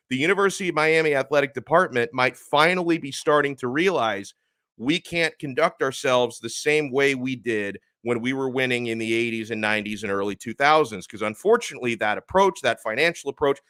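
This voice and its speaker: Animated bright-voiced male sports host. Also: mid-range voice, dry recording. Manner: animated, emphatic, reads chat comments. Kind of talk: live-streamed sports talk.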